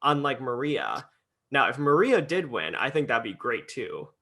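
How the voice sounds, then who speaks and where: Chatty young man with a bright voice. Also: mid-range voice, big pitch swings, normal speed. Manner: chatty, lots of fillers and laughter. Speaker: podcast co-host. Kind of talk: casual chat.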